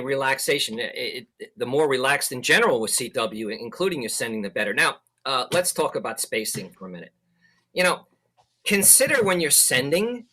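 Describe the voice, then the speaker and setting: A man teaching Morse code in a webinar, explaining in a lively way and acting out his points. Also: mid-range voice. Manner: lively, demonstrative, imitates pacing. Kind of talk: webinar presentation.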